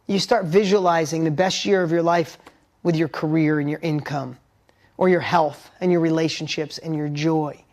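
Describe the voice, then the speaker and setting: A man coaching a live online workshop, talking in an energetic, emphatic way and reading viewers' messages aloud. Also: on the high side, moderate pace. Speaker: motivational coach.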